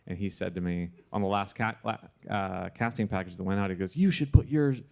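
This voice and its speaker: A man, a sound supervisor, telling a story in a casual interview with animated delivery and frequent restarts. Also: sits low, fairly quick, gravelly, clean tone.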